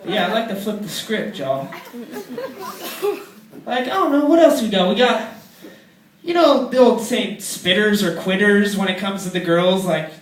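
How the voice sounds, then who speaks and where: A young man in his twenties doing a crude, rambling stand-up routine in a comedy club, often slipping into squeaky put-on voices. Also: a little slow, pauses often. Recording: echoey club with loud crowd, distant mic.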